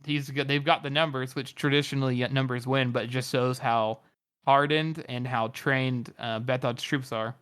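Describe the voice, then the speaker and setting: A man's voice: medium pitch, fairly even intonation, moderate pace, a bit bright, smooth. A man co-hosting a casual book podcast, talking with some hesitation and laughing along. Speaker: podcast co-host.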